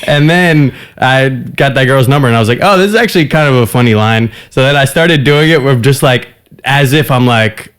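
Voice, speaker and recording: Comedian telling a story with laughs. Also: male voice, medium pitch. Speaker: comedian guest. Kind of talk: casual podcast chat.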